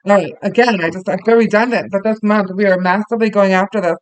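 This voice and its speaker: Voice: medium pitch, steady tone, fast talker, clear, resonant tone, no room sound, rough recording. A parenting teacher speaking earnestly and conversationally to parents, telling personal stories with many fillers and restarts. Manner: tells personal stories to the listeners.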